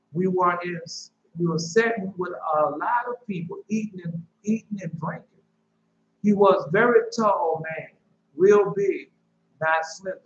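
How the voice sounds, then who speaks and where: A man's voice: high-pitched, a bit bright. A man preaching an informal sermon, reading scripture and breaking into loose, conversational asides. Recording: echoey, dull lo-fi room recording with faint hum.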